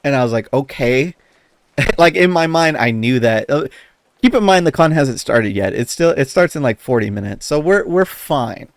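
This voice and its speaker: A man co-hosting a podcast, telling a story in casual chat, animated, laughing as he talks and swearing often. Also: medium pitch, moderate pace, gravelly, no echo. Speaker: podcast co-host.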